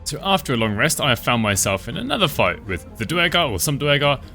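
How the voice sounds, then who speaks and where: A man giving relaxed, chatty commentary over his own gameplay, thinking aloud as he plays. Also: mid-range voice, brisk, soft background music. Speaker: gaming channel host.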